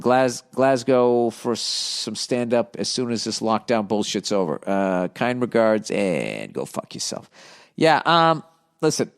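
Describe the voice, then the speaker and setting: A middle-aged man hosting a comedy podcast, reading listener letters aloud and answering them in a blunt, profane, animated rant. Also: medium pitch, clean tone. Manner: blunt profane ranting with lively animated swings.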